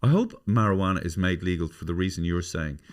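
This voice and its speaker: Irish male podcast host, fairly low, loose sweary talker who restarts his sentences. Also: quick pace. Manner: rambling, sweary, restarts often. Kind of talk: casual family chat.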